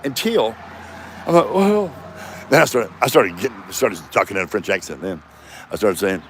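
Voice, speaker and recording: A man's voice: lowish voice, expressive, fairly quick, fairly bright tone. A man in his fifties rambling and swearing in a self-mocking solo vlog, recorded outdoors in a front yard. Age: 50s. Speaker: comedian vlogger. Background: passing traffic.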